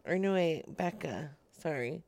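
Slow, giggly, creaky-voiced woman. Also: low-pitched, expressive, darkish tone, a little hiss or hum. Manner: giggly, slow and halting, laughs often. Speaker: co-host making prank-style phone calls. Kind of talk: casual chat on a live call-in stream.

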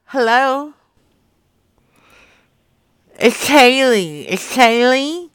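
A woman prank-calls strangers on a live stream, teasing and putting on mock sternness. Her voice is smooth and fairly high, and she talks slowly. The sound is dry and close. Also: expressive, fairly bright tone, no echo.

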